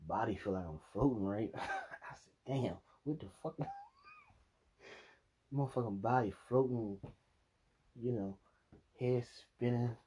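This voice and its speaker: A man's voice: mid-range voice, huge pitch swings, takes it slowly, pauses often, warm tone, slightly rough. A young man vlogging, telling a rambling, profane drinking story and laughing at himself. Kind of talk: casual storytelling monologue.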